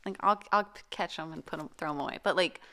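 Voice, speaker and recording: A woman's voice: deep voice, quick pace. A woman in her twenties, a podcast co-host in casual chat, telling stories animatedly with lots of "like" and swearing. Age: 20s. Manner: animated storytelling, frequent swearing and "like".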